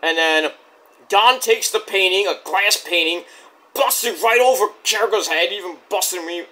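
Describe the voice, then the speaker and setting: Going through a wrestling show segment by segment, a man swears, rambles and restarts his lines in a loose play-by-play. His high-pitched voice is bright and forceful, at normal speed.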